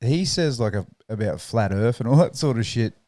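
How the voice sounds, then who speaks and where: A man's voice: medium pitch, lively intonation, brisk, mellow, no room sound, clean studio sound. A man hosting a podcast, chatting casually with crude, profane banter. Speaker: podcast host. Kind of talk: casual chat.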